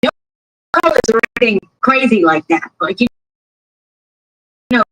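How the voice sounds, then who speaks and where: Woman streamer, chatty and animated, mid-range voice, casual live chat. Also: mid-range voice, fairly quick, rough recording. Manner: chatty, animated storyteller who acts out quotes. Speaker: live stream host covering a trial.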